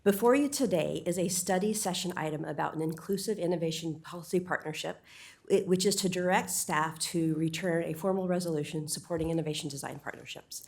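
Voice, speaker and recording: A woman speaking at a city council meeting, a little short of breath, with a lowish, gravelly voice. She lays out her points earnestly and persuasively, catching and correcting her own slips. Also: fairly quick, darkish tone. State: slightly out of breath. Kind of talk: prepared public comment speech.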